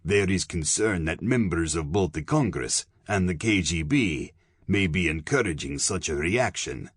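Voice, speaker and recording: A man's voice: sits low, lively intonation, measured pace, husky, dry recording, clean studio sound, exaggerated voice. A man narrating an audiobook, voicing a solemn, pompous colonel who lectures earnestly and sounds weary. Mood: lecturing. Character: solemn, pompous middle-aged male police colonel.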